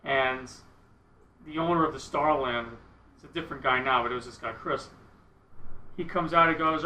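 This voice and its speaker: A middle-aged man, a guest guitarist, telling a story in a casual interview, animated and self-mocking, often laughing. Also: mid-range voice, moderate pace, long pauses, roomy sound, low-quality recording.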